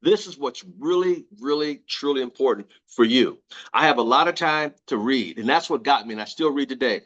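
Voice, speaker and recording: A man's voice: medium pitch, normal speed, a bit bright, highs cut off. A man giving a motivational talk to an audience, emphatic and repeating his key phrases, asking the crowd questions. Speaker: motivational speaker.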